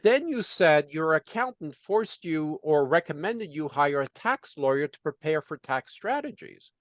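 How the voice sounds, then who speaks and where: A man's voice: a little high, expressive, unhurried, no echo. A man working as a business consultant, telling a story in conversation and acting out the dialogue with lots of "you know" fillers.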